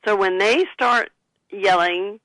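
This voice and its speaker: A woman's voice: medium pitch, slow pace, fairly bright tone, no echo, low-quality recording. A woman who is an author, giving earnest advice as a guest in a radio interview. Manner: earnest, advising, gives listeners example phrases. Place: studio.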